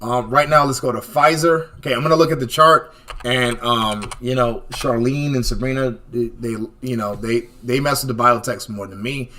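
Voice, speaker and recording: A man hosting a live trading stream, talking through stock charts in a casual, animated way and often checking in with "okay?" and "right?". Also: mid-range voice, normal speed. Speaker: stock chart analyst host.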